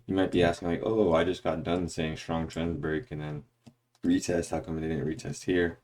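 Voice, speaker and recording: A man's voice: deep voice, level tone, normal speed, darkish tone. A man casually talking through a trading chart breakdown early in the morning, rambling and correcting himself, with occasional hiccups. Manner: rambling, self-correcting, goes off on tangents.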